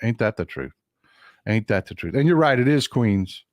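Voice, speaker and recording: A man from Texas hosts a livestream of political commentary, getting over a cold. He talks in an indignant, animated way, with a pitch that swings widely, and he repeats phrases for emphasis. The sound is dry and close, with no room echo. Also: moderate pace. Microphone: desk mic at a computer for a livestream.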